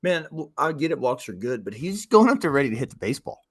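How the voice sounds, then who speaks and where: Brief: male youth baseball coach, co-host, lively storyteller, mid-pitched voice, close dry recording with no room sound. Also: quick pace, breathy edge, no room sound. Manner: animated storytelling, quoting players. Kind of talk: casual podcast chat.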